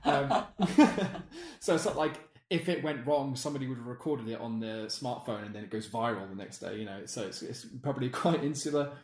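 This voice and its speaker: A man's voice: mid-range voice, big pitch swings, normal speed, a little mellow, roomy sound. A man chatting casually on a podcast, rambling and self-deprecating. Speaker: podcast co-host. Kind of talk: casual chat.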